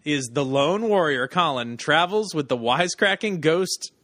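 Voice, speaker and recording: A man's voice: on the high side, lively intonation, a little slow, a bit bright, dry recording. A man hosting a casual podcast, reading out descriptions and chatting with laughs. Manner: reads descriptions aloud with laughs. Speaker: podcast host.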